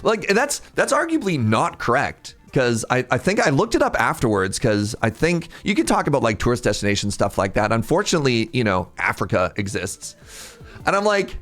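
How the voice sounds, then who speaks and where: A man from Canada, streamer in casual live-stream chat, telling an animated story and laughing often. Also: mid-range voice, brisk, faint music behind.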